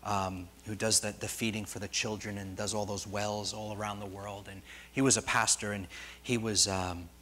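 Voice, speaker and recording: A middle-aged man preaching a sermon as pastor, telling stories in a rambling way and swinging from soft asides to loud, rising peaks. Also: on the low side, little pitch movement, moderate pace, a little hiss or hum. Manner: storytelling, digressive, swings from quiet to loud; jokes with congregation.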